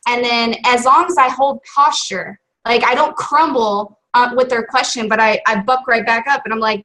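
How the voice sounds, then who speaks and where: Slightly high-voiced woman guest chatting on a call, acts out quotes as she tells it. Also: fairly quick, few pauses, poor audio. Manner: lively storytelling with acted quotes. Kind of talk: casual chat sharing experience.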